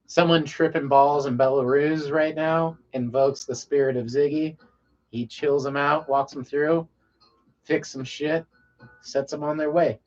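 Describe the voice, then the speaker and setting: A man's voice: a little high, steady tone, measured pace. A man from Colorado hosting a casual late-night livestream, rambling in a laid-back way and often trailing off into a mumble. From Colorado, USA. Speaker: livestream host. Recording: dull lo-fi sound.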